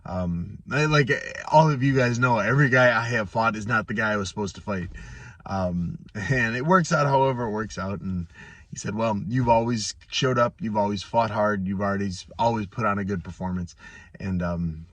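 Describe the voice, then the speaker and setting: A man in his thirties, a pro fighter, telling a story casually to his viewers, halting with restarts and fillers. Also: lowish voice, no room sound, far from the mic. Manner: halting, many restarts and fillers, excitable when telling good news.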